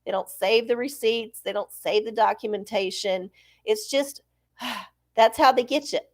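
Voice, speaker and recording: A woman's voice: a little high, a little slow. A woman hosting a live stream, chatting casually in a blunt, profane, rambling way. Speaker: host of a live oracle stream. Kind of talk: casual livestream chat.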